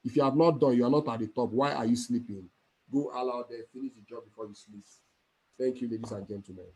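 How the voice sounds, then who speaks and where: A man's voice: mid-range voice, fast, darkish tone. A man from Nigeria giving an emphatic, repetitive motivational speech as a network marketing mentor over a video call.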